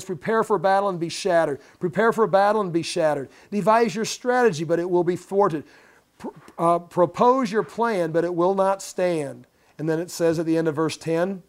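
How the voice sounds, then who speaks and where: A man with a high voice leads a Bible teaching, reading each verse aloud before explaining it in everyday terms. He stops to fix a misread word and asks his listeners whether they are following along. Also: darkish tone. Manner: reads scripture aloud, then explains it plainly; checks in with listeners, corrects himself mid-verse. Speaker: preacher.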